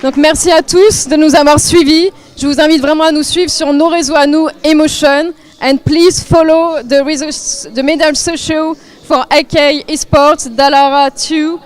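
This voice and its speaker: French woman, high voice, live event presenter, chatty and a little flustered with names. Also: fairly even intonation, normal speed, hardly any pauses. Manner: chatty, self-deprecating, stumbles over names. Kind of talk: live podium ceremony presenting.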